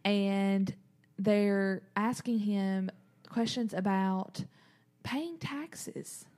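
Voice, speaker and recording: A woman co-hosting a casual Bible study talk, reading her notes and scripture aloud in an animated way. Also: extremely slow. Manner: reads notes and scripture aloud, animated, quotes with raised pitch. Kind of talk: casual faith discussion.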